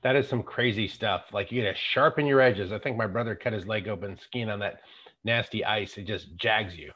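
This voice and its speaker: A man's voice: fairly low pitch, a little fast, fairly bright tone. A man in his fifties hosting a podcast, chatting in a laid-back, slangy way and often restarting his sentences. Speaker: podcast host. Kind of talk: casual chat. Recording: dull lo-fi sound.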